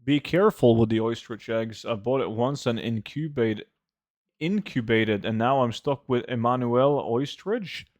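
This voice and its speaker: A man's voice: medium pitch, expressive, unhurried, darkish tone, no echo. A man streaming a game, chatting casually with viewers, joking, swearing freely and humming to himself between remarks. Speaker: gold-farming game streamer. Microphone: desk microphone.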